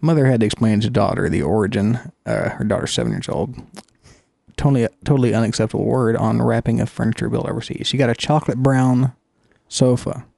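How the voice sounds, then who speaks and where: A man co-hosting a comedy podcast, playful and quick to laugh, reading a news item aloud. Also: medium pitch, creaky, dark tone, no room sound, clean studio sound. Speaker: podcast co-host. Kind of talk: casual comedy banter.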